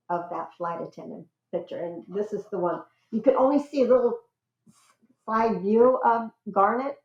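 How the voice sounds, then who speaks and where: An older woman, a guest relations expert, chatting enthusiastically in an interview about her research. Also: mid-range voice. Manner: enthusiastic, squeals with excitement when telling stories. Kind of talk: conversational interview. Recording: roomy, slightly dull sound.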